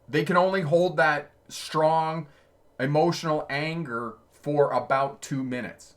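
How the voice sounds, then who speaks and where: A man's voice: a little high, unhurried, a bit bright. A man hosting a driving channel, telling road stories in a casual livestream and answering viewers' comments, laughing often as he talks. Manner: chatty, laughs often mid-sentence. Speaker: driving instructor and channel host.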